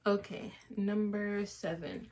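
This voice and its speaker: Young wife hosting a couple Q&A, mellow warm tone, giggly. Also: female voice, mid-range voice, fairly even intonation, slow. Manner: giggly, reads out questions. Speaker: wife, Q&A host. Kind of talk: casual couple Q&A chat.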